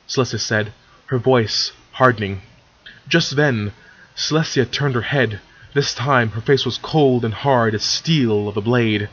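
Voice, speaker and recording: Guy reading a story out loud, husky voice, muffled lo-fi recording. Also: mid-range voice, measured pace. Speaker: story reader. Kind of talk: storybook narration. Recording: dull lo-fi recording.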